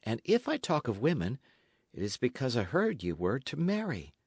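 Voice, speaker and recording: A man voicing a timid, gentle young runaway who pleads softly and anxiously in an old-fashioned storybook tale. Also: mid-range voice, wildly swooping pitch, moderate pace, slightly rough, dry recording, studio quality, full character voice. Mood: pleading. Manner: soft, anxious, imploring.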